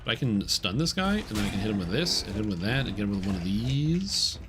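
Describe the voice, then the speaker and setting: Chatty low-voiced male game streamer. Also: big pitch swings, fast talker. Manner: chatty, candid, explaining as he plays. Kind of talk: casual gameplay commentary.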